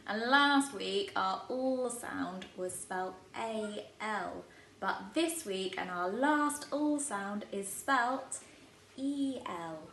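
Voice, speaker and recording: A woman with an English accent, a primary school teacher giving a spelling lesson to young children at a chalkboard, talking in a bright, encouraging way and sounding every word out clearly. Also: mid-range voice, distant mic, slight background noise. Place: classroom with a chalkboard. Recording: echoey room, voice away from the mic.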